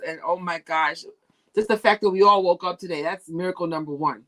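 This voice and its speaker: A woman hosting a casual fan news livestream, chatty and animated, laughing often, recorded on a tablet's built-in mic. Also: on the low side, brisk. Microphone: tablet used as camera.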